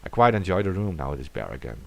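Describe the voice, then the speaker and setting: A man's voice: low voice, sing-song, quick pace, creaky, fairly bright tone. A man reading a classic horror story aloud in a dramatic way, sometimes dropping to a whisper.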